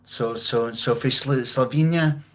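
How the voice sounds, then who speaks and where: A man's voice: medium pitch, measured pace, a bit bright, low-quality recording. A man with a Glaswegian Scottish accent chatting on a live stream, rambling and swearing in a jokey, laid-back way while reading out viewers' comments. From Scotland, outskirts of Glasgow. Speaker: livestreamer. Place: at home with guitar and amp.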